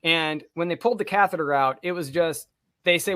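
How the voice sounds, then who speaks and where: A podcast co-host, a man whose voice sits a little higher than most. He tells a personal story casually, with plenty of swearing and colorful detail. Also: a little fast. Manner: profane, vivid, animated storytelling.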